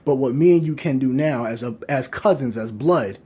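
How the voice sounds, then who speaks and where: A man's voice: mid-range voice, normal speed, dark tone, husky, natural voice. A man voicing an earnest young male king who pleads with his cousin for help. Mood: pleading.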